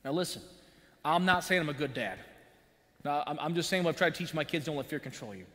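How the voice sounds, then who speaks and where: A man preaching a sermon as pastor, telling a personal story in an animated way with buzzing sound effects. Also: on the high side, quick pace. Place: church sanctuary. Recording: long church-hall reverb.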